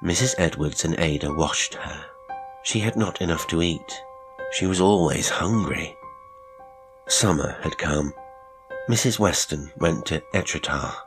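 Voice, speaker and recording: A man narrating a classic horror short story in a measured, unhurried way. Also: very deep voice, music in the background. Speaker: narrator and producer.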